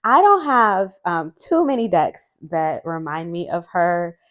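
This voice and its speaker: A woman's voice: lowish voice, sing-song, a little slow, muffled recording. A woman vlogger chatting casually and rambling as she reviews tarot decks, laughing often and restarting her sentences. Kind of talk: chatty casual video response.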